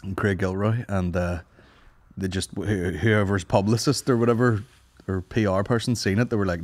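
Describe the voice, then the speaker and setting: A man's voice: on the low side, fairly even intonation, normal speed. Give me a young Northern Irish man co-hosting a comedy podcast, telling sweary, rambling stories. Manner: rambling storyteller, swears a lot, puts on voices for quotes. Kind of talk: casual banter.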